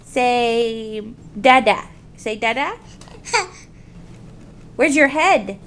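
A woman's voice: a little high, animated, very slow, fairly bright tone, a little hiss or hum. A woman filming her toddler at dinner with a handheld camera, coaxing him in playful, sing-song baby talk.

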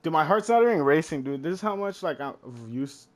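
A young man streaming a battle royale game, casually teasing his friend and ordering him to hush. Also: fairly high pitch, lively intonation, fairly quick. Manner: teasing, bossy, drops to a hush then shouts. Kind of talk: casual gaming chat. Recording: faint background noise.

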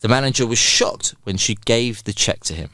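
Dude guesting on a comedy pod, bouncy pitch, reads jokes out. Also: male voice, animated, fairly quick, fairly bright tone, dry recording, studio quality. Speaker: podcast guest. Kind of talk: casual chat and joke reading.

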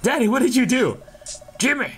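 A whiny, lovesick young daughter from a video game, put on by a man. The voice jumps up high and swings wildly in pitch, with faint music behind. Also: sing-song, moderate pace, slightly rough, exaggerated voice. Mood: alarmed.

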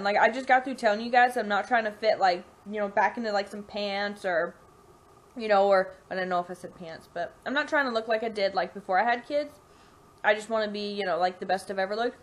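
A woman's voice: medium pitch, a little fast. A woman with a Southern US accent, chatting to camera in a home vlog in a rambling way, full of fillers. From Mississippi, US. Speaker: vlogger. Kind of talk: casual chat to camera. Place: home kitchen, indoors.

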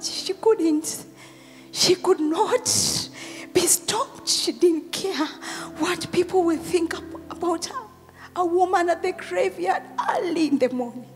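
A Kenyan woman pastor preaching a Sunday sermon, tearful and emotional, swinging between loud calls and whispered prayers. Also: very high-pitched, measured pace. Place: church hall. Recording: long hall reverb with faint music.

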